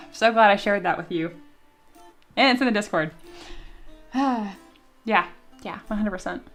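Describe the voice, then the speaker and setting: A woman's voice: medium pitch, expressive, moderate pace, pauses often, faint music behind. Giggly young woman streamer, swearing freely. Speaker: streamer and 3D sculptor. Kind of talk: casual live-stream chat.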